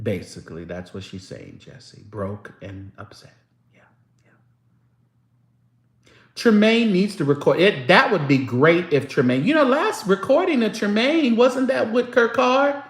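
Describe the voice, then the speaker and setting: Host, man, high voice, unhurried, chatty gospel-music talk with sung snippets, echoey room. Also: big pitch swings. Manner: chatty, breaks into snatches of singing. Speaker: show host. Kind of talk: casual live-stream chat about gospel music.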